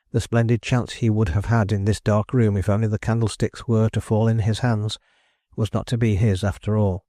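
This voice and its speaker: A man reading a novel aloud as an audiobook narrator, in measured, deliberate scripted narration. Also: fairly low pitch, dark tone, dry recording, studio quality.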